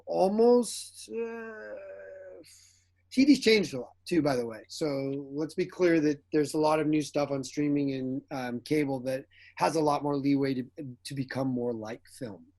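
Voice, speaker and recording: Male actor guest, animated storyteller, fairly high voice. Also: unhurried. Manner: animated storyteller who acts out quotes, laughs often. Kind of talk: casual interview chat.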